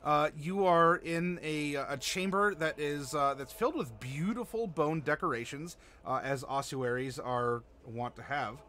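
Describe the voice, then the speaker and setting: A man running a streamed tabletop game as game master, chatty and halting with lots of fillers. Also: on the high side, fairly bright tone, slight background noise. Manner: chatty, halting, many fillers, laughs easily.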